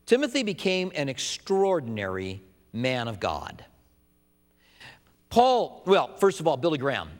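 A man's voice: on the high side, wildly swooping pitch, a little slow, long pauses, big-room sound. A man preaching a sermon as pastor, with an emphatic, repetitive cadence.

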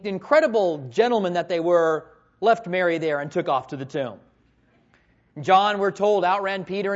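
A man preaching a sermon, telling stories with animated swings between loud bursts and hushed tones, on a dull lo-fi recording. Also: sits high. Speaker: pastor. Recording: dull lo-fi sound.

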